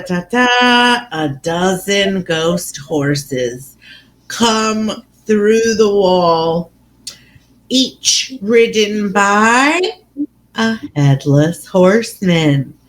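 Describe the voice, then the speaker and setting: A woman's voice: mid-range voice, drawn-out words, a bit bright, low-quality recording. A woman co-hosting a casual book podcast, retelling scenes with lots of animation and little voices for the characters. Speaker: podcast co-host.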